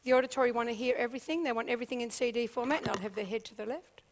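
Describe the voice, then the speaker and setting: Woman, high voice, business seminar speaker, animated, keeps asking the room "yeah?". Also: very fast, a little hiss or hum. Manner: animated, checks in with the audience often. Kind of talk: seminar talk to a live audience.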